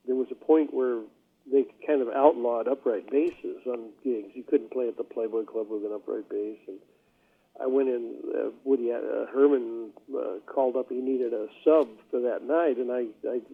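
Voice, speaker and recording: An older man, a jazz bassist being interviewed, telling stories in a rambling way with many fillers. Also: gravelly, husky. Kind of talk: casual interview talk. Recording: phone-like line.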